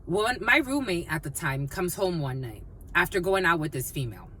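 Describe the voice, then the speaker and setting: A woman giving a casual collective tarot reading, mixing personal stories with blunt, animated talk and plenty of swearing. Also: fairly low pitch, normal speed, a little hiss or hum. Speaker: tarot reader.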